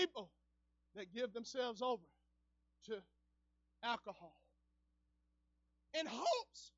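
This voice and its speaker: A male evangelist preaching a church sermon, dropping to low murmurs and then rising into fervent shouting, captured on a dull, lo-fi recording. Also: no room sound. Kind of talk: fiery preaching. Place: church service.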